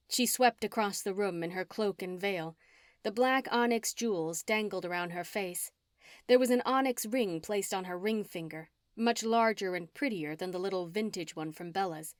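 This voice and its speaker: A woman narrating a first-person audiobook with an expressive, dramatic reading. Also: mid-range voice, normal speed, dry recording, clean studio sound.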